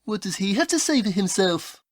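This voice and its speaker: A woman's voice: medium pitch, very animated, normal speed, no room sound, clean studio sound. A woman voicing a prim, haughty male detective in a comedy audio play, with a formal, fussy, scolding manner.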